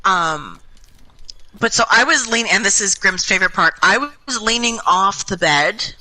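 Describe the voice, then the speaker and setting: A woman's voice: medium pitch, lively intonation, normal speed, sharp tone, low-quality recording. A young woman telling a rambling, self-mocking story in casual chat over voice chat while gaming. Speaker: gaming group member.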